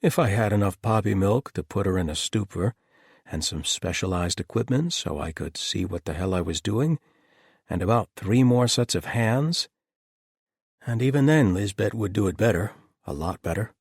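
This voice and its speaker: A blunt, passionate male doctor in a storybook reading, as a man voices him. His voice sits a little higher and a bit louder than the narrator's own, yet keeps a husky edge. It is recorded dry and close. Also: lively intonation, moderate pace, no room sound, heavily acted. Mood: exasperated. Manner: blunt, frank, ranting.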